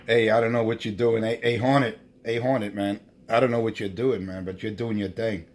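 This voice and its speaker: A man's voice: on the low side, fairly even intonation. A man chatting over CB radio, repeating himself and tacking "man" onto his lines. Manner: drawn-out, repetitive, ends lines with "man". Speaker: CB radio operator. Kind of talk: on-air CB radio banter.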